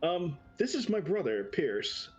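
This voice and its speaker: A man playing a courteous, formal adventurer who apologizes in measured tones. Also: on the high side, very animated, soft background music, pitched above the performer's own voice. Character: polite, formal adult male adventurer.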